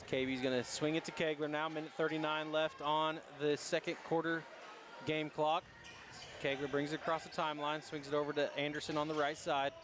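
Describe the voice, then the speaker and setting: A man calling live basketball play by play, rattling off each pass and shot from a high school gymnasium. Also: flat delivery, noisy background. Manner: rapid running calls of each pass. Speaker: play-by-play announcer. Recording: gym ambience and bouncing balls.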